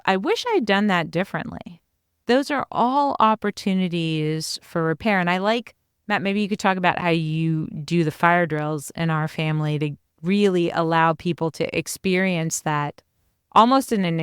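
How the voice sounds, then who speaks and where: A woman's voice: fairly low pitch, smooth, no room sound, studio quality. Earnest woman encouraging parents. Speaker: podcast co-host, parenting coach. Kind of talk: casual conversational explanation.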